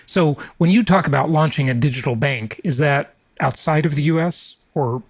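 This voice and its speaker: A man's voice: fairly high pitch, moderate pace, slight background noise, rough recording. A man hosting a podcast interview, asking chatty questions and laughing easily. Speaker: podcast host.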